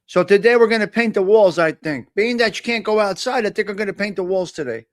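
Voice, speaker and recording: Brief: high-voiced New Jersey man, animated livestream host, loud and teasing, close dry mic. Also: fast, no echo. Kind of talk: casual chat.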